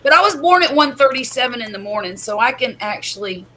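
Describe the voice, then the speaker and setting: Lady in her 50s hosting a home livestream, bright chatty voice, laughs a lot. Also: fairly high pitch, lively intonation, fast talker, slight background noise, low-quality recording. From US Gulf Coast. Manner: chatty, laughs often, bubbly. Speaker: livestream host. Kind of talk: casual livestream chat.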